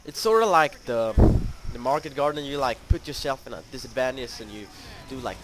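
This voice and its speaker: A man's voice: medium pitch, expressive, fairly quick, background noise. A young man giving live commentary over his own gameplay, frustrated, swearing and mocking his own skill in rambling talk.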